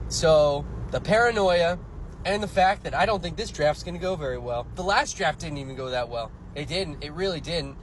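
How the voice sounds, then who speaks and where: A high-pitched man rambles through a casual rant to camera. He repeats himself often. Loud street traffic noise sits clearly behind him. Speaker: vlogger. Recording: noisy outdoor street sound.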